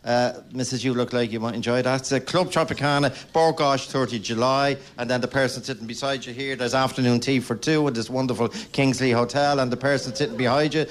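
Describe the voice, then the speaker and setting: A man's voice: mid-range voice, fairly even intonation, fairly quick, few pauses. A man hosting a live broadcast, bantering jovially with his audience. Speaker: radio host. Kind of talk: live radio broadcast from a hotel.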